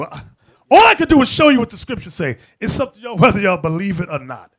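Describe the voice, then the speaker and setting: Fiery high-voiced preacher man. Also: wildly swooping pitch, moderate pace. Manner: emphatic, shouting at times, addresses the brothers directly. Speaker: bishop preacher. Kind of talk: fiery sermon.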